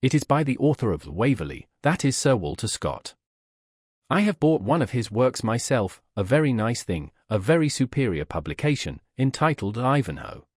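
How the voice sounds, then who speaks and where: A man's voice: mid-range voice, sing-song, moderate pace, a little mellow, slightly rough, no echo, clean studio sound. A man reading as pompous auctioneer Trumbull. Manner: sonorous, self-satisfied. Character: pompous wordy middle-aged male auctioneer.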